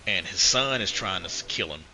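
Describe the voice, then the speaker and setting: A man's voice: low voice, lively intonation, fairly quick, bright, forceful tone, rough recording. A man co-hosting a casual podcast, retelling comic book plots in a rambling way, with a lot of "you know" and swearing. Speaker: podcast co-host.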